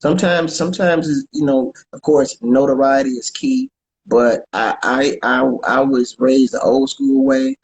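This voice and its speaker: Halting, easygoing man. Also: mid-range voice, big pitch swings, rough recording. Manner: halting, repeats words, plugs his show. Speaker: comedian guest and podcast co-host. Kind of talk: casual interview chat.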